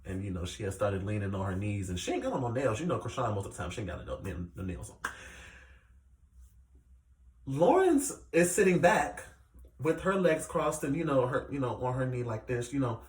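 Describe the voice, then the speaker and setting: A man giving a casual, animated recap of a reality show, with plenty of fillers as he retells the scenes. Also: medium pitch, normal speed. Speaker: reality TV reviewer. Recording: echoey room, distant mic.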